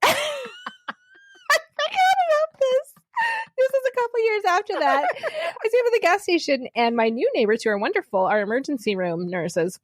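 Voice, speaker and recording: A woman in her forties co-hosting a podcast, telling an animated story with frequent laughter in casual chat. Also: high voice, a little fast, few pauses, no echo. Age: 40s. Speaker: podcast co-host.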